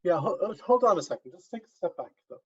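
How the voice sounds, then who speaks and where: A man's voice: high-pitched, sing-song, quick pace, husky. A male university professor teaching an online class, coaxing students step by step over a video call. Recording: dull lo-fi video call audio.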